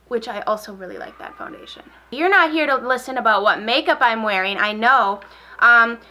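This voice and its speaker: A woman beauty vlogger in a relaxed get-ready-with-me chat, rambling and repeating herself while she applies makeup. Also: fairly high pitch. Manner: talks while applying makeup.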